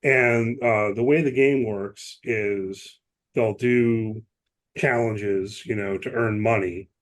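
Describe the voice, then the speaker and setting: Male podcast co-host, slightly low voice, rambling explainer, casual chat. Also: fairly even intonation, takes it slowly. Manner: chatty, explains at length with many asides and restarts.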